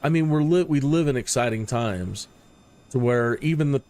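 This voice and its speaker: In casual livestream commentary, a flight sim streamer talks at normal speed with a medium-pitched, slightly mellow voice. He tends to ramble, voice strong opinions and repeat words often.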